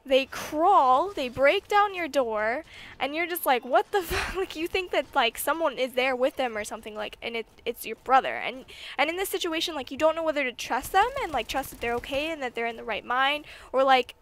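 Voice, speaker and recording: High-voiced young woman telling a story. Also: a little fast. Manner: chatty, lots of fillers, rising to excited emphasis. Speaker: vlogger. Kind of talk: casual storytime vlog. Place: her bedroom.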